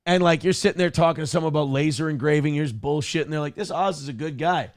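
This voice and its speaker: Man hosting a morning show. Fairly high voice, dry studio sound, profane animated storyteller. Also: fast, no room sound. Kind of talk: casual chat. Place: home studio.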